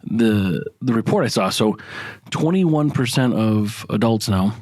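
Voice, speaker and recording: A man's voice: lowish voice, animated, measured pace, a little mellow, no echo. A man co-hosting a podcast in casual chat, with crude, profane, rambling banter. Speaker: podcast co-host. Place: podcast studio.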